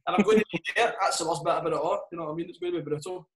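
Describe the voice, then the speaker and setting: On a podcast recorded with roomy echo, a Scottish man who does comedy talks fast in a high-pitched, steady voice. The chat is casual, packed with swearing and laughter as he tells his stories.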